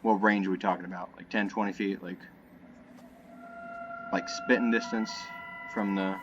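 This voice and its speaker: A man's voice: deep voice, steady tone, normal speed, muffled recording. A young man giving rambling, joking commentary over a horror game, hedging often and wandering off topic. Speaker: gameplay commentator. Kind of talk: rambling let's-play commentary. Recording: loud game noise behind voice.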